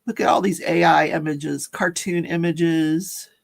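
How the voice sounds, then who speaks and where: A woman's voice: deep voice, steady tone, unhurried, gravelly. A chatty, giggly woman hosting a casual livestream, reading out viewer comments and reacting to them. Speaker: livestream host. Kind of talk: casual live-stream chat.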